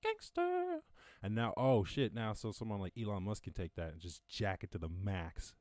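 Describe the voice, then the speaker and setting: A man's voice: deep voice, brisk, dry recording. A man with an Irish accent hosting a casual live-stream, reading news and riffing on it, swearing freely and laughing at his own jokes. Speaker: podcast host. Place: home during lockdown.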